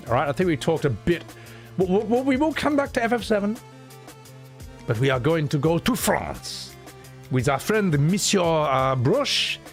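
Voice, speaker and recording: A man with a slightly high voice is streaming live, reading chat messages aloud and replying casually. His answers ramble, full of fillers and chuckles.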